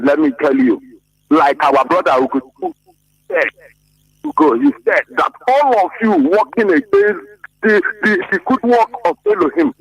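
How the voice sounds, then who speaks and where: Fervent man with a lively voice. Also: high-pitched, creaky, slightly rough, rough recording. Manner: preachy, fervent, rising into emphatic peaks. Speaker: radio call-in caller. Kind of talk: impassioned call-in comment.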